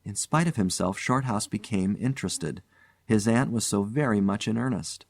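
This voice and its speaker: A man with a low voice reads a classic ghost story aloud in a measured, deliberate way. The recording is close and dry, with no room sound. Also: no echo. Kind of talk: scripted narration.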